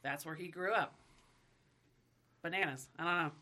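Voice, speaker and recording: A woman's voice: lowish voice, normal speed, bright, forceful tone. A woman guest on a podcast, chatting casually, joking and laughing often. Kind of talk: casual chat.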